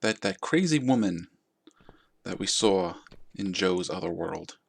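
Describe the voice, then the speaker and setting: Man, let's play commentary, wry and musing, lively pitch, raspy gravelly tone. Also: a little slow. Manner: casual, musing and wry, reads choices aloud. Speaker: gaming channel host.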